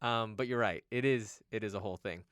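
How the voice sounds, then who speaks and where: A man's voice: lowish voice, a little fast, a bit bright, clear, resonant tone, no room sound, clean studio sound. A man hosting a comic book podcast, chatting casually and teasing his co-hosts. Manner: joking, teasing. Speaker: podcast host.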